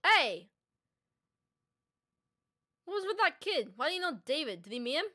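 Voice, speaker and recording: High bright-voiced woman gamer. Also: moderate pace. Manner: excitable, reacting aloud, reading character lines. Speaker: let's play gamer. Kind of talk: casual gameplay commentary reading dialogue aloud.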